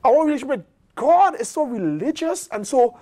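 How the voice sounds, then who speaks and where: Animated male preacher. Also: very high-pitched, normal speed. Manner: colloquial and animated, acting out dialogue. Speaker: pastor. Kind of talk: sermon.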